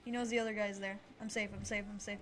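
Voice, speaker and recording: A woman hosting a gaming channel, giving casual, excitable commentary while she plays, often pleading and shouting at the game. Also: medium pitch, quick pace, slight background noise. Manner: excitable, frequent exclamations and pleading.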